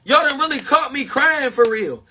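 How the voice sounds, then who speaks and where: A man livestreaming to his supporters, talking in a confessional, self-mocking way and swinging between shouting and hushed talk. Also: very high-pitched, lively intonation, moderate pace. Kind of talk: emotional livestream monologue.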